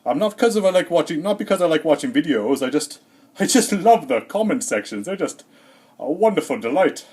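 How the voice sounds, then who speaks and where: A man doing a rambling, deadpan comedic monologue in character as Santa, hesitant and full of fillers, a little out of breath. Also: fairly high pitch, brisk, husky. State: slightly out of breath.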